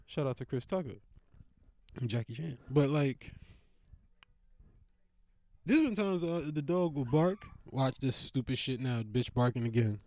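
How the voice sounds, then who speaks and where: A man's voice: medium pitch, lively intonation, a little slow, pauses often, darkish tone, no echo. A man hosting a podcast, rambling in a casual solo monologue with slangy, profane storytelling and repeated phrases. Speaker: podcast host.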